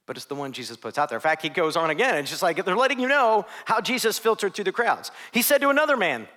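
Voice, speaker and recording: A man in his thirties from Ohio, preaching a sermon as a youth pastor, acting out voices with big swings from soft to loud. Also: high-pitched, sing-song, fast talker, hardly any pauses.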